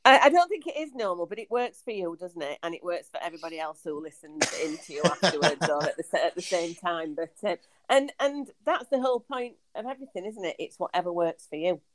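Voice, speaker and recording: A woman's voice: fairly low pitch, lively intonation, quick pace, hardly any pauses. A middle-aged woman co-hosting a podcast in casual chat, often repeating words and ending on tag questions. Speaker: podcast co-host.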